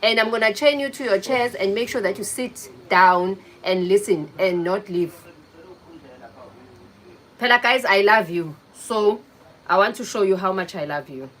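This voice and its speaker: A woman's voice: medium pitch, unhurried, fairly bright tone, poor audio. A woman hosting a casual livestream, chatting with viewers, greeting them by name and teasing them. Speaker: livestream host. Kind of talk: casual live chat with viewers.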